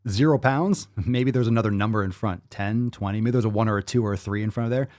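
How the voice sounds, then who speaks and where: A man's voice: on the low side, quick pace, darkish tone. A man hosting a live-stream podcast, reading viewer comments aloud in a profane, hyped-up, sarcastic way. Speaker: podcast host.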